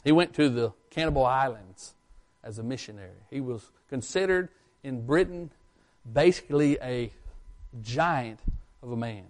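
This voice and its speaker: Delivering an emphatic Bible sermon, a man poses questions to the congregation and then supplies the answers, his delivery rising and falling. He sounds animated, with a mid-range voice and a moderate pace.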